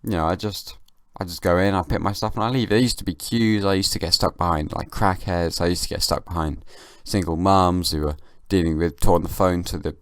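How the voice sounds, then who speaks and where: Young guy hosting his own podcast at home, half-asleep, deadpan rambling comedy; low voice, dry room. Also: brisk, few pauses, no room sound. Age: young adult. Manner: rambling, deadpan comic musing. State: sleepy, just woken. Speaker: podcast host. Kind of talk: casual solo monologue. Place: at home, downstairs.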